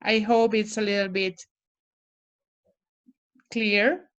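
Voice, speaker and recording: A woman's voice: mid-range voice, little pitch movement, slow pace, fairly bright tone, lo-fi sound. A woman teacher giving an online grammar lesson, speaking carefully and stressing words to model their pronunciation. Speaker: English teacher.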